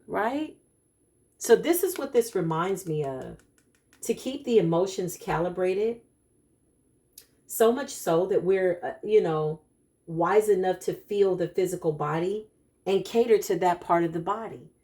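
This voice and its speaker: A woman, a spiritual practitioner speaking to her followers in an animated, emphatic, preacher-like way. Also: fairly low pitch, measured pace. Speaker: spiritual practitioner giving a card reading.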